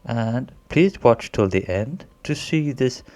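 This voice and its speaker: A man's voice: mid-range voice, lively intonation, slow, a little mellow. A man narrating a drawing tutorial as a voice-over in a put-on posh British accent, rambling and a bit self-conscious, as if winging it.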